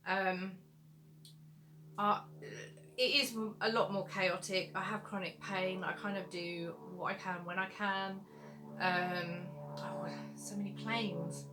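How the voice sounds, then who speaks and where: A woman's voice: mid-range voice, little pitch movement, slow, noisy background. A young adult woman, an author answering viewer questions in a casual livestream Q&A, chatty and rambling with lots of fillers.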